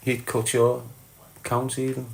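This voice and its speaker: A man's voice: medium pitch, completely flat delivery, a little slow, gravelly, slight background noise. A Scouse man from Liverpool, middle-aged, reading his chat live and answering viewers bluntly, calling everyone lad and mate.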